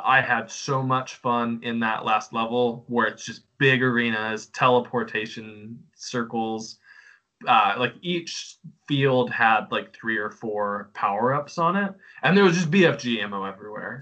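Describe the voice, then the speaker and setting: A man's voice: mid-range voice, moderate pace, sharp tone. A man co-hosting a casual game review podcast, enthusiastic and stumbling over restarts. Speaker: podcast co-host.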